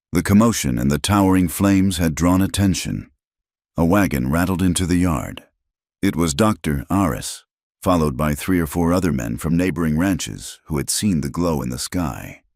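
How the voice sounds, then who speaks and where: A man narrating a story in a very deep, low voice. His delivery is steady and dramatic. The recording is dry and close. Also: moderate pace, no room sound. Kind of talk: scripted narration.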